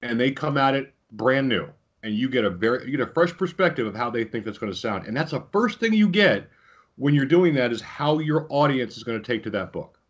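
Animated, husky male podcast co-host. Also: medium pitch. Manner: enthusiastic and emphatic, quick to agree. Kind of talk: casual podcast chat. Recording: dull, slightly husky lo-fi audio.

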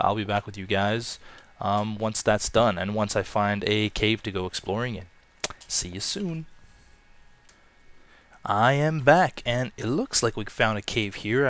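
A man casually commenting on his own gameplay, chatty and self-mocking, with loud excited outbursts. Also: lowish voice. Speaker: let's play gamer.

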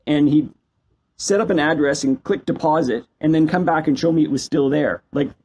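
A man in his fifties from Canada, a company CEO telling stories as a guest in a casual interview, animated and self-deprecating. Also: on the high side, moderate pace, slightly rough, dull audio. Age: 50s.

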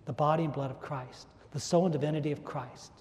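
Brisk and steady in tone, this man's slightly mellow voice runs on the high side. He preaches a homily in a large, echoey church, emphatic throughout, repeating phrases for stress and letting his pitch rise and fall.

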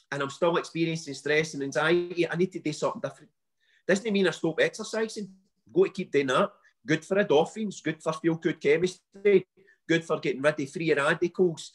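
Man, West of Scotland accent, husky, slightly high voice, emphatic coach, podcast guest. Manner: animated, emphatic, blunt, uses local slang. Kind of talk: podcast interview, motivational talk.

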